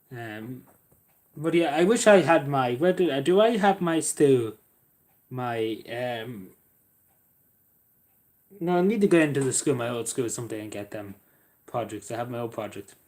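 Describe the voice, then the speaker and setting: Young irish guy on a stream, rambly, trips over his words, talks to chat by name, middle pitch. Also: darkish tone. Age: young adult. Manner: rambling, with stumbling restarts, talking to viewers by name. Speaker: live streamer reading chat. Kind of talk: casual live-stream chat.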